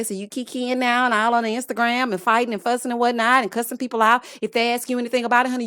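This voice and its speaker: A woman in her late thirties giving a sassy, animated recap of a reality TV episode, full of scolding asides and endearments. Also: medium pitch, no room sound, studio quality. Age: late 30s. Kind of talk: casual recap commentary.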